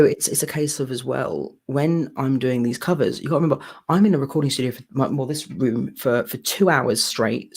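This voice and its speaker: A man, hosting a casual live chat about singing theatre songs, talking quickly with frequent restarts. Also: medium pitch. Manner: chatty, many restarts. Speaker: theatre singer and channel host.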